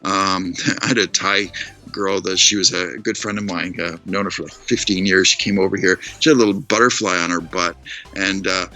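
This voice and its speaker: A man with a fairly low but bright, forward voice tells long stories on a casual video call. He is animated and keeps slipping into other people's voices, with faint music behind him. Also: moderate pace. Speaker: guest storyteller. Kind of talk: casual chat on a live stream. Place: living in Tokyo.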